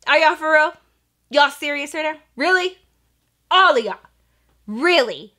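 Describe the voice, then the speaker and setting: A woman voicing a stern, demanding female volleyball coach in an animated story. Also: a little high, normal speed, close to an everyday voice. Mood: incredulous. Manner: demanding, exasperated.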